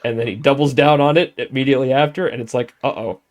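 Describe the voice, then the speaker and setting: Laughing, excitable male podcast co-host. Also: mid-range voice, fast talker. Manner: excited, swearing, laughs often. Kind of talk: casual chat.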